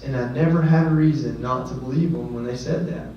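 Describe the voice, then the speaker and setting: A man's voice: mid-range voice, brisk. Earnest man telling his story in an echoey hall. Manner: earnest, conversational storytelling with self-deprecating asides. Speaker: guest speaker. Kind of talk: personal story speech. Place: ceremony venue. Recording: echoey hall, distant mic, dull sound, faint background noise.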